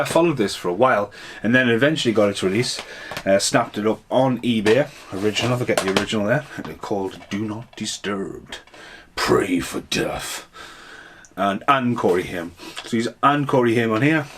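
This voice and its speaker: A man's voice: lowish voice, slight background noise. A man giving a casual, rambling, jokey movie review.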